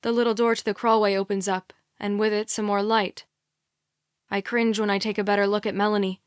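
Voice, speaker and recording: A woman's voice: medium pitch, level tone, brisk, clear, resonant tone, no echo. A woman reading a young adult thriller in the first person, tense and earnest, on a close studio mic. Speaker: audiobook narrator. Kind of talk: scripted first-person narration.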